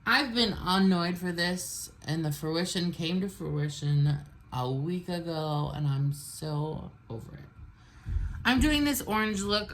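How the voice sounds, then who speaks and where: A woman's voice: sits low, fairly bright tone, slight background noise. A woman in her forties telling a storytime while doing her makeup, venting bluntly and animatedly. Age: 40s. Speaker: vlogger. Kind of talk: get-ready-with-me storytime.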